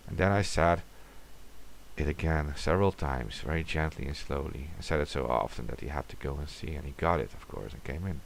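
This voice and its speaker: A man with an extremely low, gravelly voice reads a horror story aloud. His delivery is dramatic and at times sinks to a whisper. A faint hiss sits under the recording. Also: a little fast. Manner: dramatic reading, sometimes dropping to a whisper.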